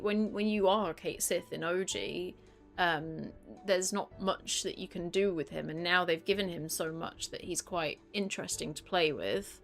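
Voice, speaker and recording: A British woman streaming a game live, chatting casually and rambling with lots of "um"s, getting excitable when she reacts to chat. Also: medium pitch.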